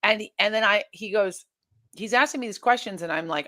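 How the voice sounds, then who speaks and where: A woman guest in an interview, recounting her experiences in an animated way, often restarting sentences and acting out what others said. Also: medium pitch, fast talker, no room sound, clean studio sound. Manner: animated retelling, many restarts, acts out quoted exchanges. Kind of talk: candid interview storytelling.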